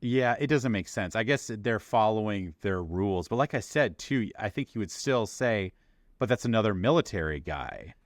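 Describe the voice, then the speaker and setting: A man with a very low voice talks through a podcast chat, loose and jokey. He slips into quick put-on voices to act out scenes. The sound is dry and close. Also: no echo. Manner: animated, jokey, acts out movie characters in quick voices. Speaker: podcast co-host. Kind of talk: casual chat.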